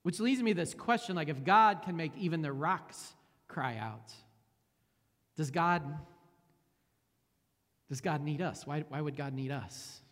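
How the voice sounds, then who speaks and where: A man's voice: fairly high pitch, expressive, unhurried, long pauses, a bit bright. A pastor in his forties preaching a sermon and leading a prayer in a conversational way, often repeating words and restarting phrases. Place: church sanctuary. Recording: long hall reverb.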